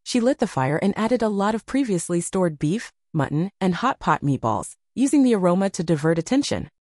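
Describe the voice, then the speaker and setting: A woman reading a novel aloud as audiobook narration, with expressive storytelling. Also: medium pitch, brisk, no echo, clean studio sound.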